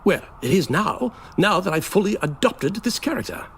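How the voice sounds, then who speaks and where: An actor playing a flamboyant, bitter groom on his wedding day, melodramatic and sardonic, swinging between slow drawls and sudden outbursts. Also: high-pitched, very animated, gravelly, a little hiss or hum, exaggerated voice. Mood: theatrical. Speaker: actor in a stage play. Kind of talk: theatrical stage acting.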